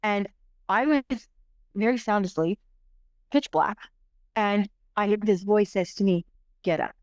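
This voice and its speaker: A middle-aged woman tells a personal story as a podcast guest, and her talk rambles with many restarts and fillers. Her voice is smooth and clear, and the close microphone keeps it dry and present. She sits at a middle pitch for a woman. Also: measured pace, no room sound. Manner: animated, rambling, full of restarts and "like".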